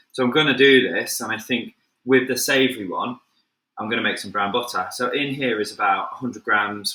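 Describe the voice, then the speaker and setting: A man's voice: fairly low pitch, bright, forceful tone, echoey room, poor audio. A man from Manchester with a Mancunian accent, a professional chef chatting casually to viewers during a live cooking stream from his home kitchen. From England. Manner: chatty, upbeat, addresses viewers as "guys", moves around the kitchen.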